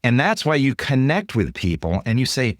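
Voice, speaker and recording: A man, a guest author and consultant, explaining ideas in an interview with lively stories. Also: mid-range voice, moderate pace, no room sound, studio quality. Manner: animated, acts out dialogue in quoted voices. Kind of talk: storytelling interview answers.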